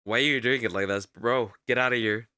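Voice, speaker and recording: Male streamer reaction voice: bright and tense tone, dry close sound, blunt and ranting. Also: medium pitch, fairly quick, clean tone, dry recording. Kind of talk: casual reaction commentary.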